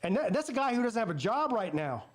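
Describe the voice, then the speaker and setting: Fired-up, high-voiced man calling plays. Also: very animated, quick pace. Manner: blunt, fired-up and profane; running play-by-play between rants. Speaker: sports channel host. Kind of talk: live watch-party commentary.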